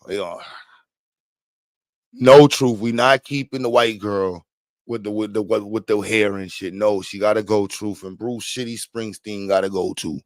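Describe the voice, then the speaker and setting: Middle-aged man, livestream host, low voice, dry close sound, joking and rambling. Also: fairly even intonation, normal speed, no room sound. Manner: joking, rambling, loud bursts and laughs. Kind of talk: casual livestream commentary.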